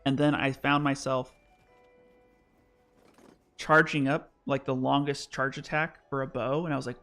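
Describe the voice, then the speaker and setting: A man of ordinary pitch hosting a gaming livestream, chatting in an excitable, self-mocking way with frequent laughs. Faint game music runs underneath. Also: a little slow, pauses often. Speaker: livestream host. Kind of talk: casual gaming livestream chat.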